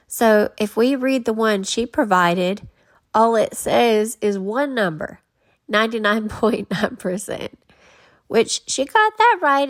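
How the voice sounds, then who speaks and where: A woman giving casual commentary, explaining a topic step by step in a chatty way. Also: mid-range voice. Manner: chatty, explanatory, laughs often.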